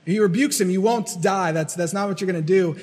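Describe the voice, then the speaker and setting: A man's voice: high-pitched, fairly quick, darkish tone, big-room sound. A man preaching a sermon in an earnest, repetitive way, acting out the voices he quotes. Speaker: pastor.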